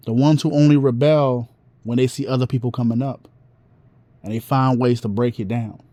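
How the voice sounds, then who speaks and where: Man vlogger, casual rambling monologue, mellow voice, dry sound. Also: medium pitch, fairly even intonation, normal speed, no echo. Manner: rambling, with restarts and slang.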